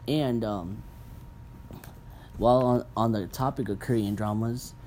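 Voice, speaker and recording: Young man, casual rant, profane, blunt, warm dark tone, faint background hum. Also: lowish voice, measured pace. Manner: blunt, profane, animated asides. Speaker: podcast host.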